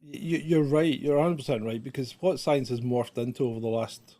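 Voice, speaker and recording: British male co-host, mid-pitched, measured and dry-humoured. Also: warm tone. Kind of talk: casual chat.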